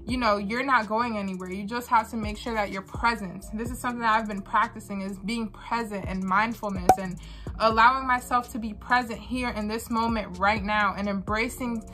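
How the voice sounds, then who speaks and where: A woman's voice: mid-range voice, fairly even intonation, moderate pace. A young woman and small business owner talking candidly in a vlog, earnest and repeating phrases for emphasis.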